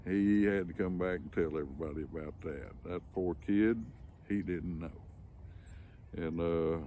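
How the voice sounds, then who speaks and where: An older man, a storyteller and channel host, telling a folksy story in a drawling, homespun, unhurried manner. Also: low voice, mellow, a little hiss or hum.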